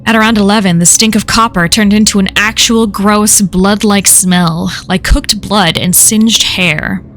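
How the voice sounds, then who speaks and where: A woman's voice: mid-range voice, fairly even intonation, measured pace, a bit bright, slight background noise. A woman reading a first-person horror story aloud in a casual, profane way. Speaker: story reader.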